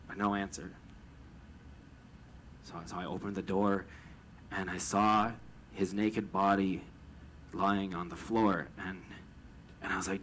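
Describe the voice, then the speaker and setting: A man's voice: low voice, flat delivery, unhurried, long pauses, fairly bright tone, slight background noise, low-quality recording. A man telling a personal story with a lot of stammering repetition, retelling it with emotion.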